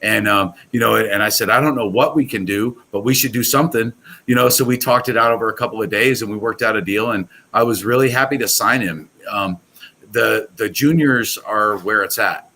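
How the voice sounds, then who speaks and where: A man's voice: on the low side, a little fast, pushed and bright, rough recording. A man talking as a guest on a casual podcast, rambling and enthusiastic with many restarts. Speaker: guest, pool products company owner.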